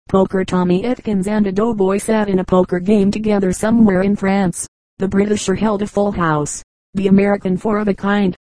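A woman reading short humorous anecdotes aloud as an audiobook narrator, in a measured, even manner. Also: medium pitch, dry recording, low-quality recording. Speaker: audiobook reader. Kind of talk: scripted narration.

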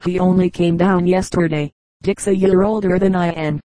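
Lady reading as a chatty outspoken girl, low-ish even voice, super dry sound. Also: dry recording, lightly acted. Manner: candid, brisk and chatty. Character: lively, frank young English girl. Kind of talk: audiobook character reading.

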